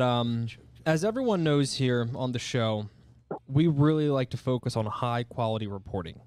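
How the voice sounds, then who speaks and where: A man's voice: mid-range voice, lively intonation, normal speed, darkish tone, no room sound. A man co-hosting a sports podcast, earnest and reeling off stats as he corrects himself. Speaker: podcast co-host. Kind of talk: casual sports chat and rants.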